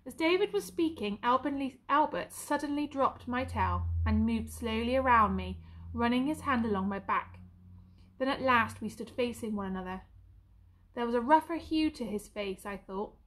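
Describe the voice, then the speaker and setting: A woman teacher reading a story aloud with an expressive, varied delivery. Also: on the high side, normal speed.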